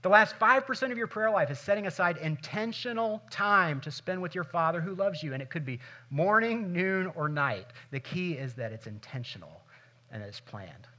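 A man's voice: high voice, animated, moderate pace, sharp tone. A middle-aged male pastor preaching a sermon in a conversational, humorous way, acting out little scenes.

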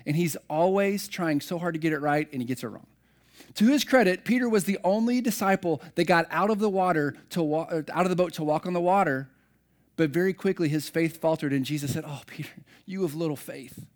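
A man's voice: fairly high pitch, a little fast. A middle-aged man preaching a sermon, telling personal stories in a conversational, self-deprecating way. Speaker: pastor.

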